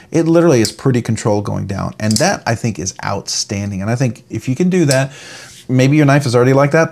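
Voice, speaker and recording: A man's voice: mid-range voice, gravelly, a little mellow. A man giving a casual, rambling product review of a knife, enthusiastic and full of restarts and fillers.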